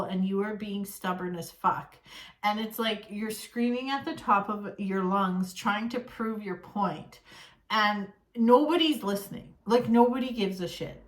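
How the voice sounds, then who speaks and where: A woman's voice: mid-range voice, unhurried. Woman doing a tarot reading, blunt and fed up, swears a lot, echoey room. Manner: blunt, exasperated, swears freely. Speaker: tarot reader. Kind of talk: casual tarot reading to camera.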